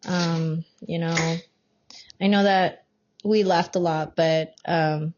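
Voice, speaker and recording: A woman's voice: lowish voice, fairly even intonation, slow pace, a little mellow. Chatty woman co-hosting a podcast. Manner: laughs often, lots of fillers, chatty. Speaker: podcast co-host. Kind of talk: casual chat. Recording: dull lo-fi sound.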